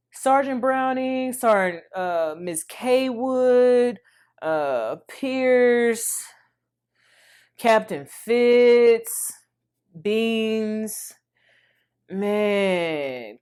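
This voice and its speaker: A woman in her thirties vlogging, telling an emotional personal story in a chatty, animated way and speaking to viewers as y'all. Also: mid-range voice, drawn-out words, long pauses, smooth.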